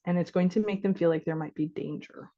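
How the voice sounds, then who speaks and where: A woman's voice: on the low side, steady tone, fairly quick, dark tone, dull audio. A woman physician giving an informal workshop talk to caregivers, conversational and acting out little dialogues.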